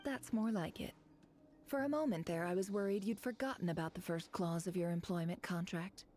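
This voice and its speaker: An actress playing a self-assured game character who bosses her helper around with dry, teasing wit. Her voice sits low and mellow, with faint game music underneath. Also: a little fast, close to an everyday voice. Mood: smug. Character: sardonic bossy woman employer, dry and self-assured. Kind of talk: video game voice acting.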